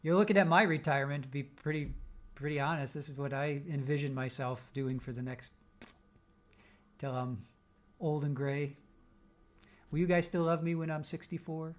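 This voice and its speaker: Reading out viewer comments on his live stream, this host speaks in a steady, high-leaning voice at normal speed with frequent pauses. His manner is casual and joking, full of teasing and laughter.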